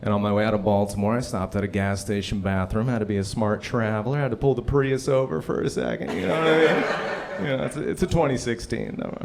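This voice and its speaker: A man in his thirties doing a live stand-up set at a comedy club, telling stories and acting out people in loud, high voices. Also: background noise. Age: 30s. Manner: animated storytelling, acts out characters in loud high voices. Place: comedy club stage before a laughing audience.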